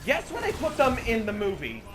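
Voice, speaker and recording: High-voiced young man ranting over chat. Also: music in the background. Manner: animated, swearing, mocking retelling with quick put-on quotes. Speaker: channel host. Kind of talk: casual chat while gaming.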